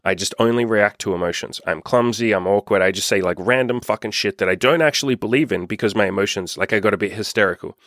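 Laid-back, swearing man with a low voice. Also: fast talker, hardly any pauses, a bit bright, no room sound, clean studio sound. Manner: laid-back, swears often, talks to listeners directly. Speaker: podcast host. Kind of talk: casual self-help monologue.

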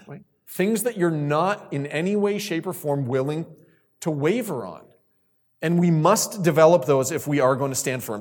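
A man preaches to a group of young people, his voice sitting a little high. He repeats key lines for weight and calls on listeners with questions. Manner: repeats key phrases for emphasis. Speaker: youth speaker. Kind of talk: sermon.

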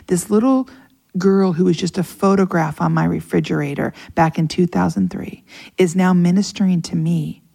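Gravelly-voiced woman telling a heartfelt story. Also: fairly low pitch, normal speed. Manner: animated, emotional, acts out quoted voices. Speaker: podcast guest. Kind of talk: casual storytelling conversation.

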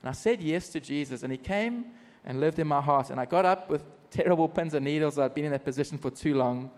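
South African preacher, high voice for a man, lively self-mocking storyteller, long hall reverb. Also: fast talker. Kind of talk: personal testimony sermon. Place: church service.

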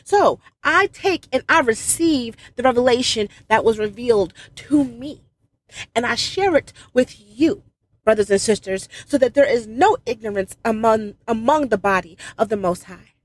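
A woman's voice: on the high side, lively intonation, normal speed, no room sound. A woman giving a fervent spiritual address to followers, emphatic and repetitive, with brief laughs at herself. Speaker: religious video speaker.

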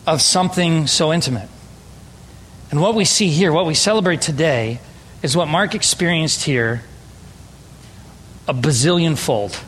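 A man's voice: a little high, fairly bright tone, big-room sound, a little hiss or hum, poor audio. A man from Southern California preaching a sermon to his church, talking conversationally and joking with the congregation. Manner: conversational, playful with audience. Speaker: pastor. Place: church sanctuary.

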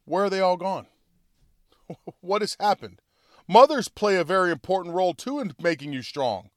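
A man's voice: high-pitched, lively intonation, normal speed, dry recording, studio quality. A man hosting his own commentary show, talking casually to listeners and retelling a film scene in a conversational, storytelling way with chuckles and asides. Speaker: political commentary host. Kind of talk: casual monologue.

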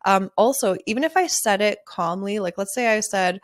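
A woman's voice: mid-range voice, expressive, moderate pace, few pauses, no room sound, clean studio sound. A woman hosting a casual solo podcast as a wedding photographer, talking candidly and chattily, laughing often and swearing freely.

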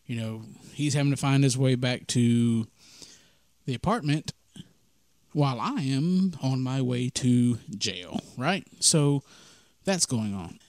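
A man's voice: mid-range voice, slow, no echo, studio quality. Man telling a story. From Mississippi, USA. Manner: animated, acts out the dialogue of his story. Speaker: podcast host. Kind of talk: casual storytelling.

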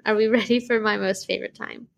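A woman's voice: medium pitch, quick pace, creaky. A woman hosting a podcast in casual chat, chatty and prone to laughing. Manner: chatty, giggly, animated storyteller. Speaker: podcast host.

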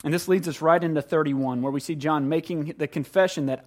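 A pastor praying and then preaching in a church sanctuary, talking in a conversational, animated way with frequent restarts. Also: male voice, fairly high pitch, fast talker. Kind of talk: sermon.

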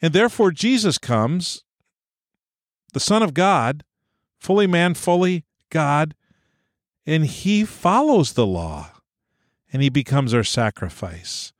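A man's voice: medium pitch, dry recording, clean studio sound. A man speaking as a pastor in an earnest, searching sermon, reading scripture aloud with rising emphasis.

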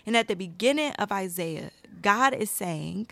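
A woman's voice: medium pitch, normal speed, creaky, few pauses, no echo. A woman giving a personal Bible-study talk, speaking with her hands and reading verses aloud with rising emphasis. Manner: animated, reads scripture aloud with rising emphasis; speaks with her hands and addresses viewers as y'all. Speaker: Christian video creator.

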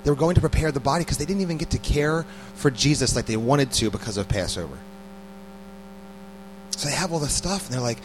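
A man's voice: medium pitch, lively intonation, fairly quick, over music, poor audio. Conversational man preaching casually. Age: adult parent. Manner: conversational, repeats words, asks the listeners questions. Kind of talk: casual sermon.

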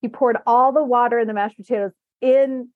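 A woman's voice: fairly high pitch, steady tone, a little fast, dry recording. A woman podcast host telling rambling anecdotes in a casual chat, often laughing as she talks. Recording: dull dry lo-fi recording.

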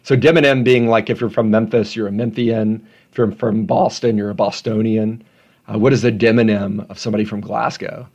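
A man's voice: fairly low pitch, steady tone, brisk, darkish tone, lo-fi sound. A man hosting a solo podcast at home, talking casually with rambling, self-deprecating asides. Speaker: podcast host.

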